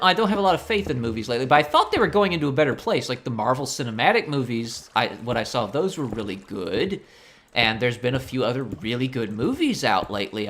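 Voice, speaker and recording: A man hosting a game video, ranting in an animated, incredulous way. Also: medium pitch. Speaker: gaming channel host. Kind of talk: casual let's-play rant.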